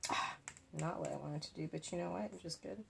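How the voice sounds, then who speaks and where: A woman's voice: sits low, fairly quick, creaky, a bit bright, slight background noise. A woman vlogging as she paints, thinking aloud about her choices and tossing in playful asides. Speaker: craft vlogger. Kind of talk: casual talk while painting.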